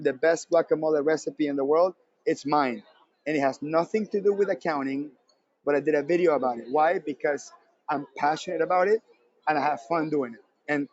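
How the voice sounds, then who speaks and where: A man giving a live conference talk, energetic and repeating his points for emphasis. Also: fairly high pitch, highs cut off. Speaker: presenter at a conference session. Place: convention center session room.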